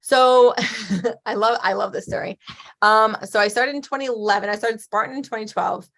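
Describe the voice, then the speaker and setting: A woman's voice: fairly high pitch, moderate pace, fairly bright tone. Chatty woman athlete, laughing often. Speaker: guest athlete. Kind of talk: casual interview chat.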